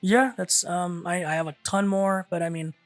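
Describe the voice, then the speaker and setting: Brief: male podcast guest, earnest and open, voice a bit high, faint music bed. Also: fairly even intonation, moderate pace. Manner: earnest, opens up about a hard time. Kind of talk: casual chat.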